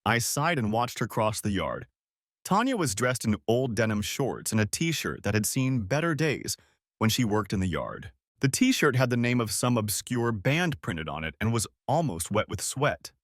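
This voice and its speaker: A man's voice: medium pitch, sing-song, normal speed, dry recording, clean studio sound. A man narrating a dramatic first-person audiobook story in a scripted reading.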